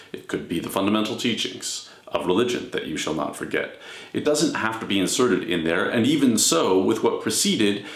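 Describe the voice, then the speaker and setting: A man delivering a scholarly lecture in a measured, explanatory way, often pausing to check in with his listeners. His voice sits fairly low. The room gives it a noticeable echo. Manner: measured explanatory delivery with frequent "all right?". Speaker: scholar of religion. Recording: echoey room.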